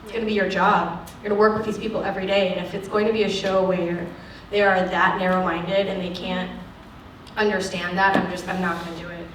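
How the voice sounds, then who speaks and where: An actress speaking frankly at a lecture, acting out the people she quotes in an animated way. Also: medium pitch, fairly quick, background noise. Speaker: actress giving a guest lecture. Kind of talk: candid talk at a lecture Q&A. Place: lecture hall. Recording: echoey hall, distant mic.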